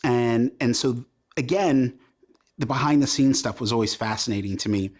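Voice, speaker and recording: A man's voice: medium pitch, normal speed. A man in his fifties from Portland, Oregon, telling stories about his life in a casual interview and acting out remembered lines of dialogue. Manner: animated, self-deprecating, acts out remembered dialogue. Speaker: comic book creator as guest.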